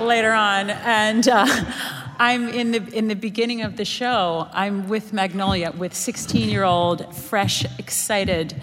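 An animated woman talks about a stage role in a panel interview, laughing as she goes and acting out lines. Her voice sits at a middling pitch, and the sound rings with a long hall reverb. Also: unhurried. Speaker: opera singer cast in a musical.

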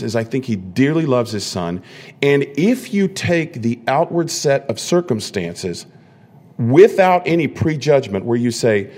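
A man's voice: medium pitch, a little mellow. Emphatic male opera singer. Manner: emphatic, repeats words when starting. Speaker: opera singer discussing his role. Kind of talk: panel interview.

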